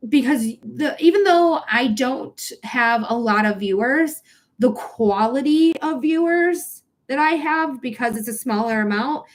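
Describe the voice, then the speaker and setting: A woman's voice: high voice, expressive, a little slow. A woman reading tarot on a live stream, emotional and close to tears, gushing thanks to viewers and cursing casually. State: tearful.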